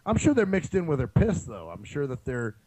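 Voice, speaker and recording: A man calling in over Skype with his mouth close to the mic, his pitch a little high and swinging widely as he talks. He rambles through crude banter, starting over and circling back before he gets to the point. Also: wildly swooping pitch, a little mellow. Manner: rambling, halting restarts. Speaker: co-host on a call-in show. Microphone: Skype call-in microphone, leaning close.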